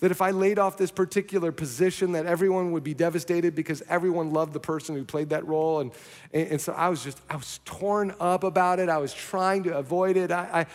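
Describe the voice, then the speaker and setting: A young adult male pastor preaching a sermon, telling a personal story in an earnest, animated way. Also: fairly high pitch, fairly quick. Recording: long reverb of a large hall.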